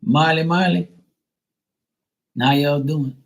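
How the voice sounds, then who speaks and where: A man hosting a live tarot stream, chatting casually and telling a rambling, animated story, full of "you know" and "like". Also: on the high side, takes it slowly, low-quality recording.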